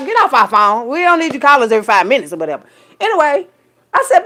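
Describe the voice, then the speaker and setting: A woman, telling a story in a casual rant full of profanity and swinging between loud, high bursts and low, quiet asides. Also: racing. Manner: animated, profane, streetwise storytelling with big pitch jumps when quoting people. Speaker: vlogger.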